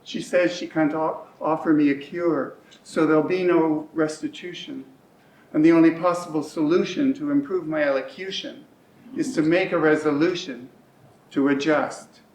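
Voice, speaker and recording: A man's voice: a little high, steady tone, normal speed, a little mellow. A middle-aged man performing a rhymed spoken-word monologue on stage, with a rhythmic, emotionally shifting delivery. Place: community centre hall, live stage. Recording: echoey hall, mic at a distance.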